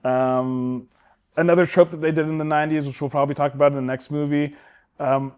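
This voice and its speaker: A man co-hosting a casual movie podcast, his voice sitting a little high. He retells scenes with animated energy and jumps into the characters' lines as he goes. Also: brisk, clean tone. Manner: animated storytelling, acting out characters' lines with laughs. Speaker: podcast co-host. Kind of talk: casual movie recap chat.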